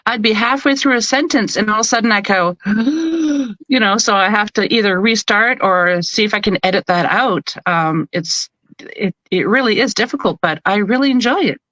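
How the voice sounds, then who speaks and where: Bright-voiced Canadian woman, chatty. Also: medium pitch, fairly quick, no room sound, lo-fi sound. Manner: chatty, animated storyteller who acts out quotes. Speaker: audiobook narrator, guest. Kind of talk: casual interview chat.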